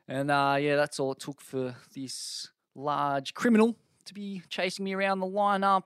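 A man with an Australian accent co-hosting a podcast, telling stories and reading out listener questions in a dry, deadpan way. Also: on the high side, normal speed, clear, resonant tone, no room sound. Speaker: podcast co-host. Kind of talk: casual chat.

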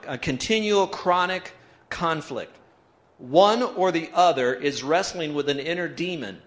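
In a church sanctuary, a pastor preaches an emphatic sermon and leads his congregation in call-and-response reading aloud together. His voice is on the high side with a fairly bright tone.

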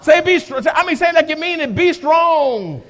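A man's voice: very high-pitched, rapid-fire, a bit bright, big-room sound. A pastor preaching a sermon and reading scripture aloud, with dramatic call-and-response to his congregation.

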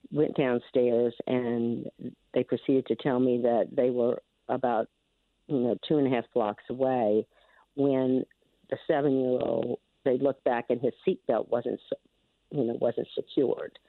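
A woman's voice: extremely low pitch, dry recording. An older woman calling in to a radio show, telling a long story with many restarts and asides. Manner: rambling, restarts often, lots of "you know". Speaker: caller, neighborhood security district official. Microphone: telephone. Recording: tinny phone line.

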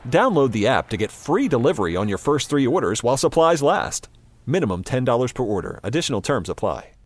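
A man's voice: mid-range voice, big pitch swings, brisk. A man reading a radio commercial in an upbeat, selling voice. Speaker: ad announcer.

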